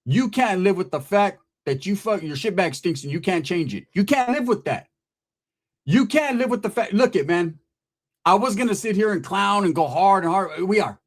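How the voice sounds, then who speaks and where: A channel host with a high-pitched voice goes off in a mocking roast aimed straight at the camera. He keeps it loose, profane and taunting, peppered with street slang. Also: lively intonation, moderate pace.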